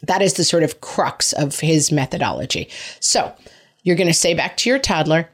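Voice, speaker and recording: A middle-aged woman with a lowish voice hosts a parenting advice podcast. She talks in a casual, wry, reassuring way and drops in quick joking asides. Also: slightly rough.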